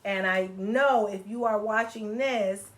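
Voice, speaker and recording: A woman reading a children's picture book aloud in an animated, teacherly way, often stopping to ask her young listeners questions. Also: mid-range voice, takes it slowly. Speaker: children's story reader.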